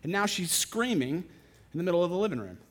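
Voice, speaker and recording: A young adult man, a pastor, preaching a sermon and telling a story with lively, animated delivery. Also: high voice, fairly quick. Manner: animated storytelling, acting out other voices.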